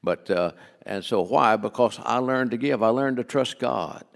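A man's voice: mid-range voice, normal speed, vocal fry, long reverb tail. An older man preaching a folksy, joking sermon on giving in a church, full of restarts. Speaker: guest preacher. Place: church sanctuary.

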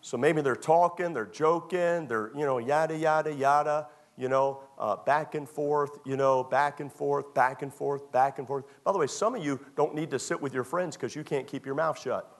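A male pastor speaking at normal speed with few pauses, his voice on the high side, delivers a sermon to young people in a church. He recounts a story in a conversational way, with repeated phrases and little scenes acted out.

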